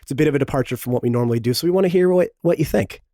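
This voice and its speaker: A man with a sore, hoarse throat, hosting and reading a podcast promo with joking, self-pitying asides. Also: medium pitch, very fast, mellow, no echo, studio quality. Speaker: podcast host.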